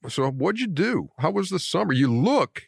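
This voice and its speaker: A man's voice: a little high, sing-song, moderate pace, creaky, breathy edge, no room sound, studio quality. A man hosting a casual podcast, asking questions in a teasing, good-humored way. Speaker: podcast host.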